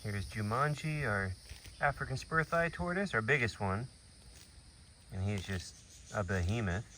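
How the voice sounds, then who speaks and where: A man who keeps an animal sanctuary, narrating a casual vlog and chatting gently to the animals. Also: on the low side, measured pace, slight background noise. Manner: relaxed, chatty, speaks softly to the animals.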